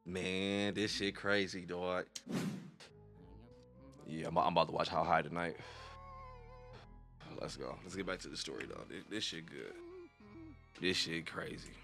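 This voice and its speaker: Excitable, bright-voiced man reacting. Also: deep voice, unhurried, pauses often, faint music behind. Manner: excitable, rambling, slangy and profane. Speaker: reaction video host. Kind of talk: casual reaction commentary.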